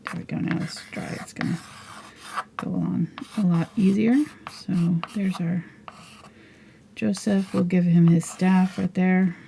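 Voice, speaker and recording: A woman's voice: fairly low pitch, little pitch movement, unhurried, vocal fry, dark tone, a little hiss or hum. A middle-aged woman teaching a live painting tutorial, chatting and thinking aloud as she works. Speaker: painting instructor.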